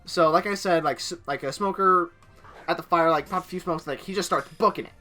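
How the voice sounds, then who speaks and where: Rambling bright-voiced young man. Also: high voice, brisk, soft background music. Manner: rambling storytelling, heavy filler words. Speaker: gaming channel host. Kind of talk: casual gameplay commentary.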